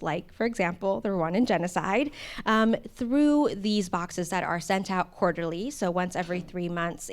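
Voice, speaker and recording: A woman hosting a live studio event, giving a conversational explanation of how the event works, with a few fillers along the way. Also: on the low side. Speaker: event host. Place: intimate studio stage.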